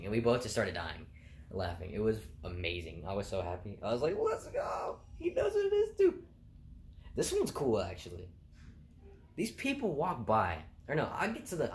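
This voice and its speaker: A man's voice: lowish voice, slight background noise. A young man casually rambling through funny stories from his food court job, laughing and swearing as he goes. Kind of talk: casual storytelling.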